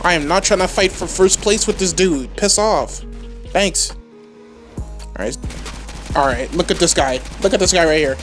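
A woman giving live gameplay commentary as a gaming channel host, excitable and rambling, trash-talking opponents. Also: fairly low pitch, measured pace, pauses often, soft background music.

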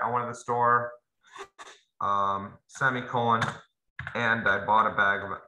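A young man with a fairly low, bright and forceful voice teaches a casual grammar lesson, speaking loosely and conversationally directly to his students. The recording has a roomy echo and faint noise.

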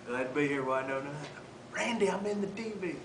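A man playing a rough, folksy, rowdy father in a distant, roomy, noisy student video. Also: fairly high pitch, expressive, brisk.

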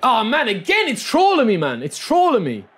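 A man with an Irish accent giving live-streamed gaming commentary, excitable and repeating phrases while he talks to his viewers as lads. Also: extremely high pitch, moderate pace. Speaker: gaming YouTuber opening card packs.

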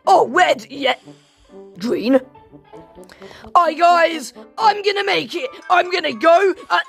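A woman commentating her gameplay in a high, gravelly voice, taking her time between bursts of shouting. She flips between excited yelps and mock-formal asides, with faint music behind her. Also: slow. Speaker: gaming channel host. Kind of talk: let's play game commentary.

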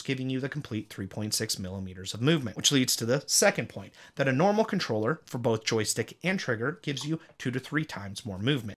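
A man giving a scripted product review, listing specs briskly with playful asides. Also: medium pitch, a bit bright. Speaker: tech reviewer.

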